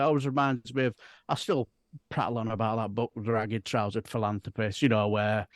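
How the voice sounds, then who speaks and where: Bradford man, mid-pitched, dry close mic, rambling casual talk. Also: level tone, fairly quick, no room sound. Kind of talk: casual political chat.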